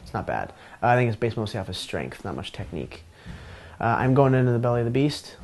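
A man's voice: mid-range voice, big pitch swings, fast talker, darkish tone. A man speaking as a professional fighter in a casual pre-fight interview, candid and self-deprecating, rambling with frequent restarts.

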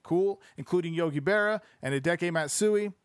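A young man with a fairly high voice reads a book aloud in a loose, casual way, swearing freely and dropping joking asides between passages. The sound is dry and close, with almost no room around it. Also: brisk, clean tone, dry recording. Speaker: podcast host reading a book aloud.

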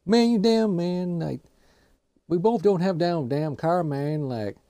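A man's voice: high voice, takes it slowly, dark tone, dry recording, pitched above the performer's own voice. A man voicing a laid-back redneck buddy who rambles and ends every phrase with "man". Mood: rambling. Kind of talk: gameplay commentary banter.

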